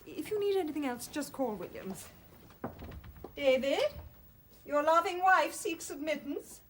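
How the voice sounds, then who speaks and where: An actress playing a brittle society wife in a period television drama, with a languid, theatrical drawl. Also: female voice, high-pitched, lively intonation, a little slow.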